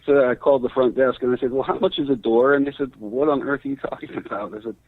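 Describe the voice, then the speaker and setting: Male co-host, blunt, profane, mid pitch, dry narrow phone audio. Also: fast talker, dry recording. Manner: blunt, swears freely, laughs often. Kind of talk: casual chat.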